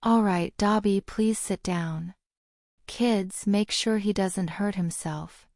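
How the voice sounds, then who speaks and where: A caring, brisk mother, read by a woman. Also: mid-range voice, a little mellow, no echo, clean studio sound. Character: kind, practical mother, adult woman. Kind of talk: audiobook character reading.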